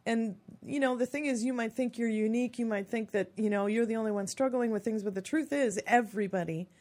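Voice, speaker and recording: Woman, 50s, radio guest, chatty and expressive storyteller. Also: a little high, a little fast. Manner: chatty and expressive, acts out quotes in lively voices. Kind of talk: personal storytelling on a radio talk show.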